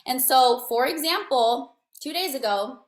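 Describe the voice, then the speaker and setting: A woman giving a motivational network marketing talk, energetic and slangy, checking in with her listeners often. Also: high voice, measured pace. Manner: energetic, slangy, coaching tone with frequent "right?". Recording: echoey room.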